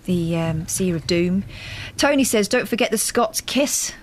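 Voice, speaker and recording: A woman's voice: medium pitch, expressive, unhurried, a little hiss or hum. A woman co-hosting a radio show, chatting and reading listener messages in a chatty, mock-indignant way. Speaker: radio co-host.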